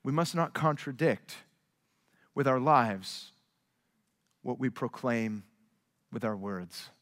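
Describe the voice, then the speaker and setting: A man preaching a sermon as pastor, with emphatic, repetitive rhetoric that swings between quiet low asides and raised, urgent stresses. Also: expressive, slow. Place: large church sanctuary. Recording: long hall reverb.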